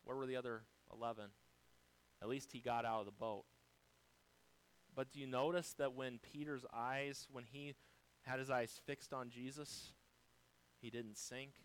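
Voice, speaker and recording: A male pastor preaching a sermon, swinging from quiet, low passages to loud, high-pitched exhortations. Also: steady tone, unhurried, pauses often, low-quality recording.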